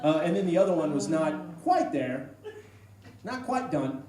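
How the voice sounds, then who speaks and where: A man doing a stand-up comedy set, telling a rambling story with deadpan asides. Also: a little high, normal speed. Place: comedy club stage. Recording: echoey room, distant mic, noise. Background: audience laughter.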